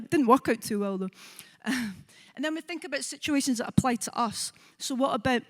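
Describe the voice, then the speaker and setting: A Scottish woman in her forties, a psychologist giving a conference talk, lively and engaging, often checking in with the audience. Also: high voice, fairly quick. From Scotland. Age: 40s. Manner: lively, asks the audience with frequent "right?" and acts out quoted voices. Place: conference hall.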